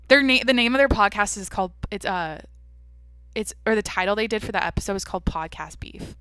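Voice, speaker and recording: A woman's voice: mid-range voice, quick pace, sharp tone, clean tone, dry recording, clean studio sound. Brash, foul-mouthed young woman host. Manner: brash, profane, blunt. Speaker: podcast host. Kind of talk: casual solo podcast chat.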